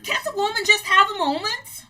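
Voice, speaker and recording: A woman's voice: very high-pitched, normal speed, pushed and bright. A woman co-hosting with a put-on British accent, giggly and stubbornly contrary in casual banter. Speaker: co-host.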